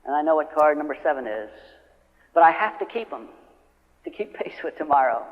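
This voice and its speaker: A man's voice: on the high side, sing-song, brisk. A man giving a live motivational speech, telling stories and acting out the people in them. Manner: storytelling, acting out quoted customers and friends. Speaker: motivational speaker. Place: large hall with a live audience. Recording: old lo-fi record of a speech in a reverberant hall.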